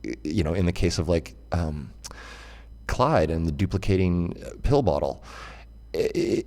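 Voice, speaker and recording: A man hosting an interview, asking a long halting question with stammers and fillers. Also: sits low, a little mellow. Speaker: host.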